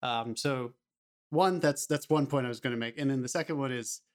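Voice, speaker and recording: A man co-hosting a podcast, talking about a film in an animated, emphatic way and swearing freely. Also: medium pitch, a little fast. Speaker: podcast co-host. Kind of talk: casual film discussion.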